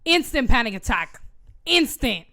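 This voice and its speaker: A woman retells a novel's plot on a casual podcast, her voice sitting on the high side and leaping around with lively pitch. She swears freely and tells it with plenty of drama. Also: a little slow. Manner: profane, animated storytelling. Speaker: podcast co-host. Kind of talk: casual book-recap chat.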